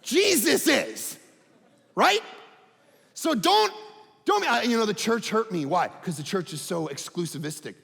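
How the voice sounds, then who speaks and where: A man preaching a sermon as pastor, animated, swinging between loud emphatic bursts and low quiet asides. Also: unhurried, gravelly, long pauses. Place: church sanctuary. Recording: church hall reverb.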